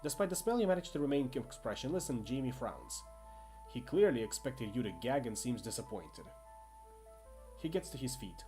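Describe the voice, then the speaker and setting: Expressive man reading a text game aloud. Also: medium pitch, normal speed, faint music behind. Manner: expressive second-person narration with asides. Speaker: game player and reader.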